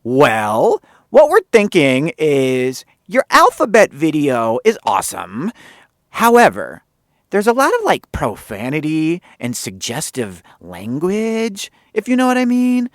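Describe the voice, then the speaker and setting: A man putting on the voice of an overexcited young male TV producer who gushes high and loud. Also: wildly swooping pitch, slow, no echo, clean studio sound, heavily acted. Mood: eager.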